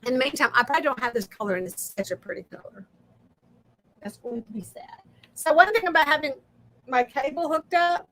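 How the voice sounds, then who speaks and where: A woman's voice: high voice, fairly quick, fairly bright tone. A middle-aged woman hosting a casual craft livestream, chatting straight to viewers and laughing often.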